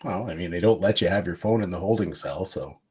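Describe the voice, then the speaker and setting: A man's voice: sits low, fast talker, a little mellow, slight background noise. A man from Canada, a guest on a late-night livestream, chatty, joking and self-deprecating. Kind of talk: casual chat.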